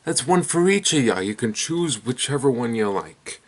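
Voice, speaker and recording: A young man hosting his own channel, telling a rapid string of one-liners in a deadpan way. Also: mid-range voice. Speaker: comedy channel host. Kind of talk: rapid-fire joke telling.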